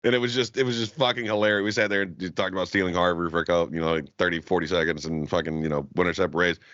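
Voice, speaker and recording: A rapid-fire podcast co-host speaks in a deep, fairly bright voice with fairly even intonation. He tells crude stories while laughing and acts out other people's quotes in casual chat. Dry, dull, lo-fi podcast audio.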